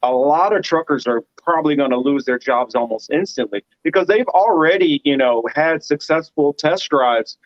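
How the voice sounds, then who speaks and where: A man's voice: fairly high pitch, normal speed, hardly any pauses, no room sound, lo-fi sound. A man hosting a casual online panel chat, rambling with lots of fillers and restarts. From United States. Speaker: podcast host.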